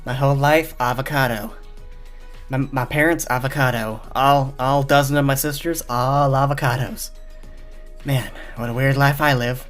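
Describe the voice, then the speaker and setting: A man doing a mellow, deadpan young guy. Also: normal speed, faint music behind, lightly acted. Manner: low, easygoing, deadpan. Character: laid-back young man, calm and reassuring.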